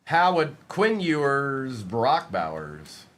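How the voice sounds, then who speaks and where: A man's voice: medium pitch, sing-song, slow pace, a bit bright. A man hosting a live-streamed trading card break, reading out player names and bantering with the chat in a playful way.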